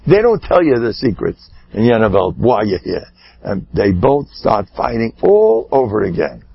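Gravelly, husky rabbi telling a moral tale. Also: male voice, lowish voice, moderate pace, no echo, lo-fi sound. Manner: animated, swings from shouting to hushed; peppers speech with Yiddish and Hebrew terms. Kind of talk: sermon storytelling.

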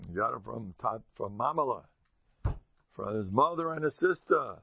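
Gravelly man giving a lively Torah class. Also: normal speed, dry recording. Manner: jokey, acts out quotes with sudden high squeaks and mutters. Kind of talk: animated Torah lecture with storytelling. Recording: dull lo-fi recording.

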